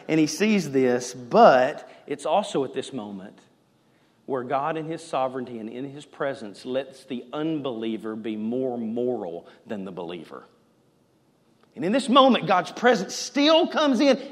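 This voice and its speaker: Pastor, high-ish voice, animated sermon delivery, echoey hall. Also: male voice, normal speed. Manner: animated, shifting from loud emphasis to hushed.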